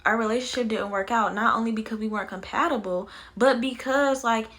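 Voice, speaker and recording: A young woman vlogger telling her own story candidly, animated, blunt and swearing freely. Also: on the high side, brisk. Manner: animated, blunt and profane, many fillers.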